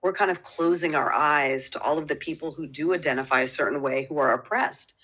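Woman, New York accent, earnest, animated, podcast guest. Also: sits low, a little fast, breathy edge, low-quality recording. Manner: earnest, animated, laughs easily. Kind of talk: casual chat.

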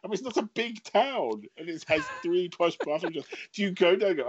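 Animated, laughing English man. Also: high-pitched, a little fast, hardly any pauses, husky, muffled recording. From England. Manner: animated, self-mocking, laughs often. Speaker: guest writer. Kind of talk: casual podcast interview.

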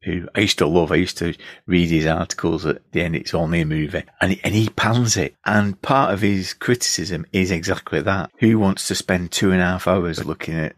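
A man's voice: sits low, steady tone, normal speed, hardly any pauses, no room sound, clean studio sound. A man co-hosting a podcast, chatting casually and thoughtfully about an old film and reading bits of a review aloud. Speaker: podcast co-host.

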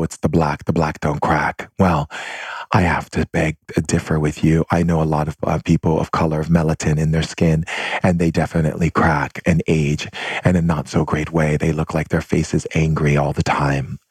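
Man, deep husky voice, impassioned spiritual talk, dry close sound. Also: level tone, moderate pace, a little mellow, dry recording. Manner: repetitive, impassioned, calls listeners his family. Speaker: spiritual teacher.

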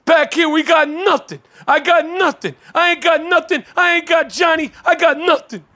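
A man putting on a bitter, traumatized war veteran, lurching from muttering to shouting. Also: very high voice, normal speed, pitched above the performer's own voice. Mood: anguished ranting. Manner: erratic swings from mutter to shouting.

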